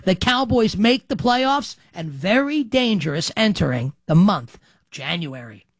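Brash sports radio host, dry studio sound. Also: male voice, high-pitched, lively intonation, unhurried, no echo. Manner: brash, emphatic, jokey. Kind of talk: sports talk radio monologue.

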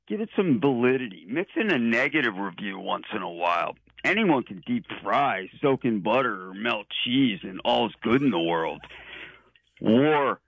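A man's voice: on the low side, gravelly, no echo. Exasperated male caller, dull phone sound. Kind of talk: phoned-in rant. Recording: dull dry phone audio.

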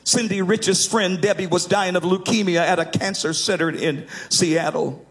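A man's voice: high-pitched, fairly even intonation, moderate pace, faint music behind. A man preaching a sermon, emphatic and sometimes lifting his lines into a half-sung cadence.

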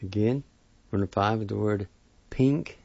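Slow, careful man teaching vocabulary. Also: lowish voice, gravelly, a little mellow, slightly rough, no echo. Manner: slow, careful, spells letter by letter and repeats words. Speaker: language teacher. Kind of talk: slow spelled-out vocabulary lesson. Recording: dull lo-fi recording.

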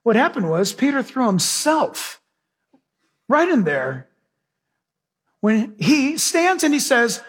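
A male pastor preaching a sermon with animated storytelling, acting out the characters in his stories. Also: very high voice, slow, long pauses, husky.

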